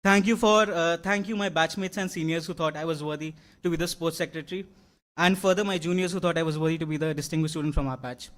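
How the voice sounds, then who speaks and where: A young man with a high-leaning, fairly bright voice talks fast and in a steady tone. He's the award-winning graduate at the podium of a large convocation hall, giving an earnest speech with plenty of fillers and restarts.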